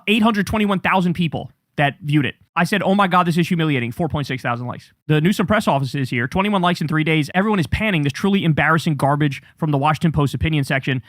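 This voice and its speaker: A man's voice: high voice, a bit bright, dry recording, studio quality. A man hosting political commentary, reading quoted posts aloud and reacting with angry, profane, sarcastic ranting.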